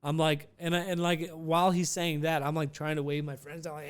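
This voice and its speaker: A young man with a smooth, clean voice pitched a little high, hosting his own show. He tells a story in a loose, rambling way, restarting sentences and swearing casually. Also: little pitch movement, brisk. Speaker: podcast host.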